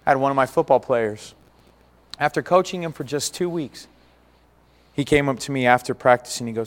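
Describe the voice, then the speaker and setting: A man preaching a sermon, earnest, with big swings between loud and quiet. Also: mid-range voice, brisk, long pauses. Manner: earnest, rises and falls dramatically. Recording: long hall reverb.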